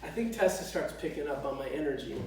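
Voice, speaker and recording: Animated male storyteller in an echoey hall. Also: fairly high pitch, quick pace, far from the mic, a little hiss or hum. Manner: animated, self-mocking, swears freely. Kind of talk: live storytelling performance. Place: stage at a live storytelling show.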